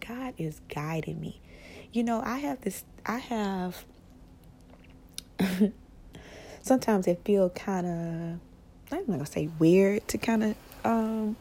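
A woman hosting a casual spiritual podcast, speaking softly and often slipping into a whisper, rambling with restarts. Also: on the low side, creaky, husky. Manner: soft-spoken, often drifting into a whisper. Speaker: podcast host.

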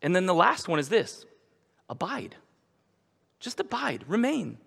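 A man's voice: sits high, sing-song, measured pace, vocal fry, a bit bright, slightly rough. A male pastor preaching a sermon in a conversational storytelling manner, with emphatic repetition. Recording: echoey church hall.

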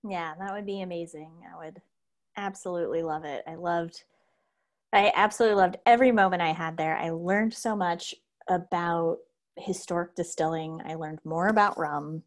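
A woman guest talking casually about distilling, bubbly, speaking in quick bursts. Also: on the low side, steady tone. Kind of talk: casual conversation.

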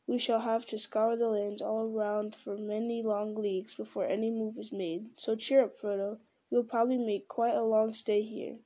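Casting: a stern, wise old wizard, read by a woman for a storybook, mellow mid-high voice, measured and commanding. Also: level tone, natural voice.

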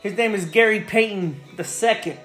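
A man's voice: sits high, normal speed, a bit bright, faint music behind. A man preaching a sermon with fervor, repeating phrases and building in intensity. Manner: fervent, repetitive, builds in intensity.

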